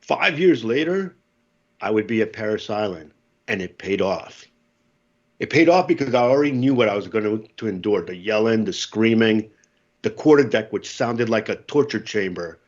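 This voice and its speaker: A man in his fifties from the United States, a podcast guest telling lively war stories and acting out the voices. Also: lowish voice, moderate pace, highs cut off. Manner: animated storyteller, acts out voices, laughs often. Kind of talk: casual storytelling.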